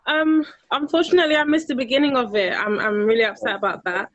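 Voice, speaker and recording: A woman's voice: on the high side, fairly even intonation, fast, dry recording, highs cut off. A young woman in her twenties, chatting in a casual, upbeat way and laughing easily on a video call. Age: 20s. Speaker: team member in a meeting.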